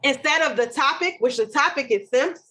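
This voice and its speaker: A woman's voice: sits high, expressive, pushed and bright, slight background noise, low-quality recording. A woman co-hosting a podcast in casual chat, ranting with strong opinions. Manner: opinionated, ranting, quick asides. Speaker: podcast co-host.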